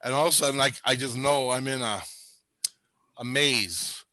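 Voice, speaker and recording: A man telling a wild story in casual chat, animated and profane, acting out what people said. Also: mid-range voice, moderate pace, no echo. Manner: animated, profane, acts out quotes.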